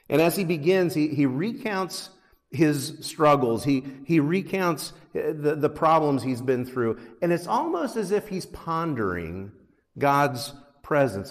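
A man delivers an earnest sermon at a middle pitch, his voice carrying a long reverb from a church hall. He reads scripture with rising emphasis and talks through it plainly. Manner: earnest, rises in pitch and force on scripture readings. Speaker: pastor.

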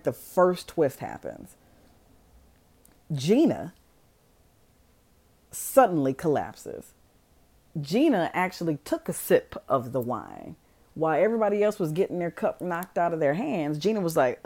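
Woman, low mellow voice, lively swoops in pitch, casual swearing storyteller. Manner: animated, swears freely, acts out quotes.

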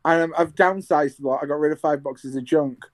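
A young man with a fairly high-pitched, fairly quick voice talks casually on a video call from his half-finished bedroom. He rambles and restarts while describing how he's training as a radio presenter.

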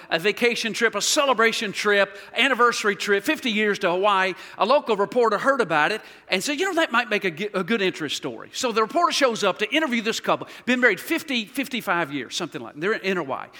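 A man's voice: high voice, lively intonation, fast talker, hardly any pauses, pushed and bright. A man preaching as a guest pastor in a church, leading the congregation in call-and-response. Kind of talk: sermon. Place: church sanctuary. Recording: long hall reverb.

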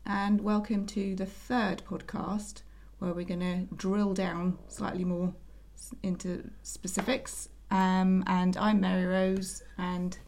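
A woman co-hosting a podcast, talking in a brisk, informal way. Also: mid-range voice, flat delivery, a little mellow, slight background noise. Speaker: podcast co-host. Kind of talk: casual chat.

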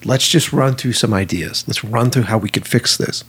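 Husky man telling stories, swearing freely. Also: mid-range voice, moderate pace. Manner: animated, profane, acts out dialogue. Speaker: film director. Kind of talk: casual storytelling conversation.

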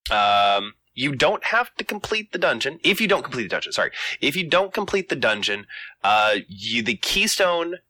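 A man hosting a gaming podcast, speaking casually in a relaxed, hesitant way with many fillers. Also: medium pitch, normal speed, no echo. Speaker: podcast host.

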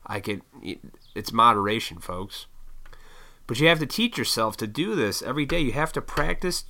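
Profane, bright-voiced man ranting. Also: mid-range voice. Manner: profane, blunt, mocking impressions of others. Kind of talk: casual motivational rant.

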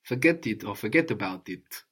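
A man's voice: fairly low pitch, expressive, normal speed, husky. A man teaching a one-on-one language lesson, patiently drilling with prompts and tag questions.

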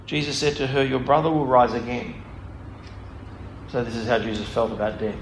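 A man leads an informal scripture talk, reading passages and then explaining them as he thinks aloud. His medium-pitched voice rings in a roomy, echoey space. Faint background noise sits underneath. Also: fairly even intonation, fairly quick. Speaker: Bible study speaker.

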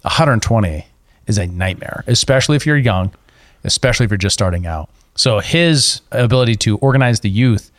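A man's voice: on the low side, brisk, dry recording, clean studio sound. Emphatic male podcast co-host. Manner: animated, emphatic. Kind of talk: casual podcast discussion.

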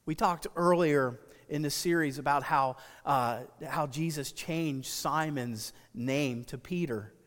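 A pastor delivers an earnest, emphatic sermon, slowing down to stress key phrases. His voice is fairly high with a fairly bright tone, and the sound carries the feel of a big room.

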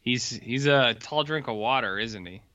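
A man co-hosting a comedic podcast, joking in a deadpan way and putting on drawling voices for bits. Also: mid-range voice, moderate pace, no room sound, lo-fi sound. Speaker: podcast co-host. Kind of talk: casual comedic banter.

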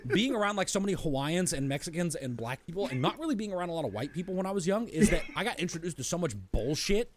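Fast-talking man rambling in casual chat. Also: high-pitched, very animated, over a noisy crowd. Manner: rapid rambling storytelling, crude. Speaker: podcast co-host.

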